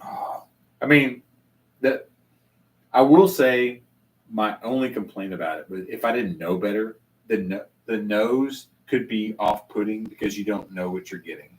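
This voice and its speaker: Heard from a distant mic, this man speaks at a fairly low pitch and a little slowly. He hosts a relaxed whiskey tasting chat at a bar, eager and frequently stammering and restarting.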